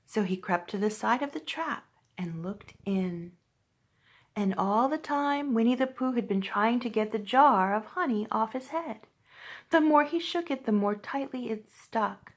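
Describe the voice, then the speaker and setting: A woman's voice: fairly high pitch, a little slow. Woman reading a children's story aloud. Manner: expressive, lively storytelling. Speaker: library storyteller.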